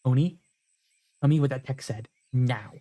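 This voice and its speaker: A man's voice: medium pitch, moderate pace, mellow, no echo. A man streaming a video game, reading the text aloud and reacting with emotional, swear-filled commentary. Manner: emotional, sweary, swings from muttering to outbursts. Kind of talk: casual let's-play commentary and reading.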